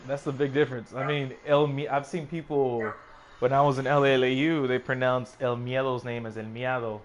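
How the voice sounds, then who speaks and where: Chill guy hosting a podcast, mid pitch, faint hum in the background. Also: steady tone, a little fast, low-quality recording. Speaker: podcast host. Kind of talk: casual podcast chat.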